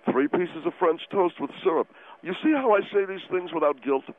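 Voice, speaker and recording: A man playing a proud, gluttonous man who eats without guilt, talking slowly and preachily over a phone line. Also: a little high, expressive, voice pushed up. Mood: smug. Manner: slow, smug, preachy. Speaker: guest advocate.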